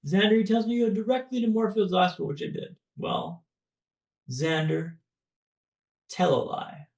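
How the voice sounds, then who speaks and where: A man from Canada, a podcast guest, telling a personal story in a dramatic, paced way with pauses. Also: sits high, steady tone, vocal fry, a little mellow, roomy sound.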